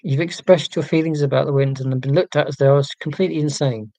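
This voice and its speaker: A man's voice: a little high, steady tone, fast, vocal fry, mellow, no echo. Wry, rambling man in his forties. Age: 40s. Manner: rambling, wry and self-mocking, with many fillers and restarts. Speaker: livestream host reading viewer comments. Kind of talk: casual livestream chat.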